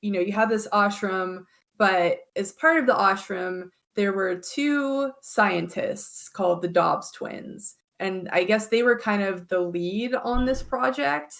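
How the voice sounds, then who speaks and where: Woman co-host: slow, gravelly, hesitant, laughing. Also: mid-range voice, fairly bright tone. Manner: hesitant, laughs often, many fillers. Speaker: podcast co-host. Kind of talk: casual chat.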